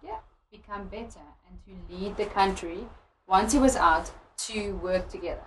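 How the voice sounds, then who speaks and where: A woman's voice: medium pitch, moderate pace, crowd noise, low-quality recording. A woman guest on a podcast, earnest and agreeing in casual group banter.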